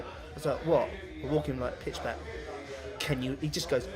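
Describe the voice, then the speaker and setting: A man's voice: mid-range voice, steady tone, moderate pace, music in the background. A young British man, a podcast co-host, telling a crude story in casual chat, swearing a lot and acting out the voices. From Britain. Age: young adult.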